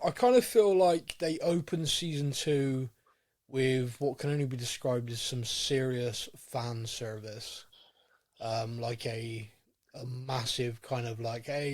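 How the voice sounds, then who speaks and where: A man's voice: mid-range voice, darkish tone. A man co-hosting a podcast, chatting in a casual, rambling and enthusiastic way. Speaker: podcast co-host. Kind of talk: casual chat.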